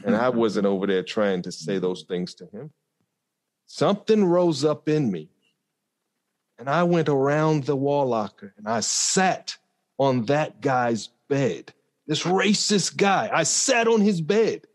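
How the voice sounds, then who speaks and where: A man speaking as a podcast guest, telling a personal story in an earnest, reflective way with frequent pauses and fillers. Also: medium pitch, big pitch swings. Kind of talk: conversational storytelling.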